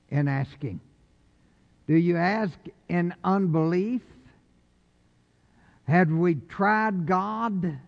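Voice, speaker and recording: A man preaching a sermon in a church, folksy and slowing down to stress his points. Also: sits high. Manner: folksy, slows down for emphasis. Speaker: pastor. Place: church sanctuary. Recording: dull reverberant church recording.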